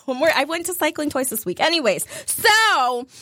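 A woman's voice: high-pitched, big pitch swings, moderate pace, bright, forceful tone, dry recording, studio quality. A young woman telling a story in casual chat, acting out both sides of a text conversation with lots of animation.

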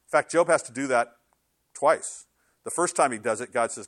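A middle-aged man preaching with lively, conversational energy and a sarcastic streak in his asides. His voice sits at an ordinary male pitch. It is captured close and dry, with almost no room sound. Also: moderate pace, dry recording. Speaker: pastor. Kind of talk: sermon.

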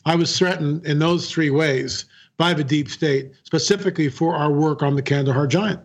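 A man with a slightly high voice speaks at a normal speed. He's a guest filmmaker telling a story in an interview, earnest throughout, repeating key phrases and acting out quoted dialogue.

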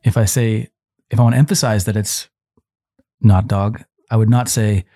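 A man's voice: on the low side, steady tone, normal speed, dark tone, no room sound, studio quality. A man co-hosting a Christian parenting podcast, explaining Bible passages in a conversational teaching way, with frequent restarts. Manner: explanatory, quotes scripture, many restarts.

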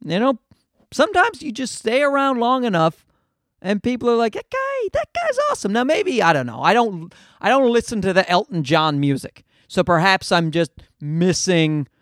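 A man's voice: sits high, expressive, normal speed, dry recording, clean studio sound. A comedian in his forties hosting a podcast, ranting with a lot of swearing and mocking the people he quotes. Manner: profane, ranting, mocking voices. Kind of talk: casual podcast monologue.

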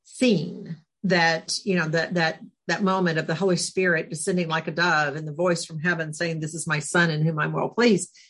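A woman's voice: low-pitched, moderate pace. A talkative, spunky woman telling stories as a podcast guest, laughing often. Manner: laughs often, animated storytelling. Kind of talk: casual interview chat.

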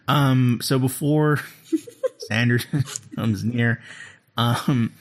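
Speaking extremely slowly in a mid-range voice, a man co-hosts a podcast and casually chats through an episode recap. He's an animated storyteller who laughs often and performs lines as he goes.

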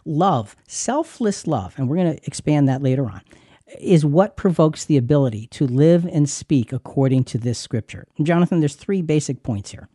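This man's voice is a little high and animated, warm with a breathy edge, at normal speed in a clean studio with no echo. Co-hosting a Christian marriage teaching on radio, he speaks emphatically and preacherly, repeating words.

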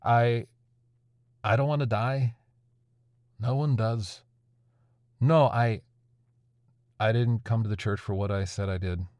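A man's voice: mid-range voice, fairly even intonation, slow, pauses often, no room sound, close to an everyday voice. A man voicing a frightened, bitter Satanist in an audio story, stammering and cursing. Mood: scared. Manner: profane, stammering, shouting.

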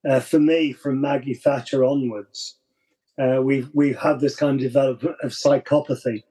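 This man has a mid-pitched voice that sounds dark and mellow, with a husky edge. He guests on a podcast in easy conversation, laying out his views in a reflective, measured way. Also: steady tone. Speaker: podcast guest and blog writer. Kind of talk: casual conversation.

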